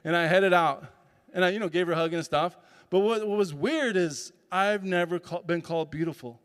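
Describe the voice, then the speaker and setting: A man's voice: high voice, a little fast, fairly bright tone. A man, a speaker and comedian, telling a personal story at a summit and acting out the dialogue with animation. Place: large conference hall. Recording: long hall reverb.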